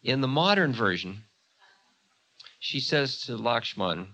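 A man's voice: medium pitch, sing-song, slow pace, pauses often, pushed and bright. A man from the United States telling an old story in a chatty way, full of asides. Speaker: spiritual teacher. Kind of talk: storytelling talk.

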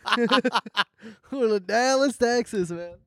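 A man's voice: very high voice, slow, smooth, dry recording, clean studio sound. A young man co-hosting a podcast in casual chat, joking and laughing with mock indignation. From Orange County, California. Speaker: podcast co-host.

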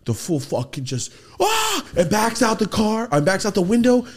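Here the studio podcast host has a high voice and speaks at normal speed. He tells a profane street story in a loose, animated way, dramatizing quotes and making gun sounds.

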